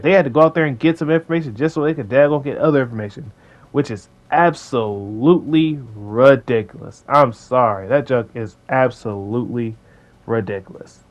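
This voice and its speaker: A man giving a casual commentary rant, animated and mocking, laughing at his own jokes and slowing right down to stress his words. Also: a little high. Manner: animated, mocking, swings between fast rants and slow drawn-out emphasis; joking, blunt, laughs at his own lines. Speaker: video creator.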